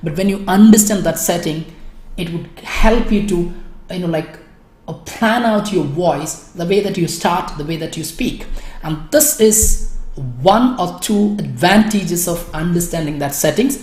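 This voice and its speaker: A woman's voice: lowish voice, unhurried, a little mellow, echoey room. A woman teaching an exam speaking class, explaining step by step and addressing her students by name. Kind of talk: online class lecture.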